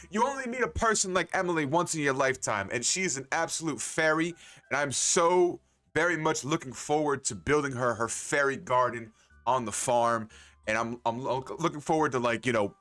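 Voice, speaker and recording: A man streaming a game, with excitable, joking, profane casual commentary. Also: a little high, moderate pace, faint music behind.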